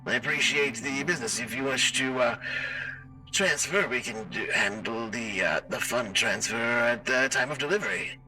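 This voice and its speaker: A man voicing a polite, formal male alien trader through a robot voice changer, halting and hesitant. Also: medium pitch, bright, forceful tone, distant mic, soft background music, pitched above the performer's own voice, rough recording. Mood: courteous.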